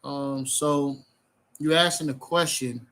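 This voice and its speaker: A man's voice: medium pitch, steady tone, takes it slowly, a bit bright. A man in a bible study group call, teaching casually and reasoning step by step through his own questions.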